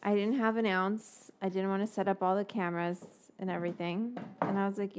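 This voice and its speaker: A woman hosting a live cooking stream, rambling in casual chat, swearing now and then and muttering quiet asides. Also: mid-range voice, steady tone, fairly quick, few pauses, noisy background. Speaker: cooking show host.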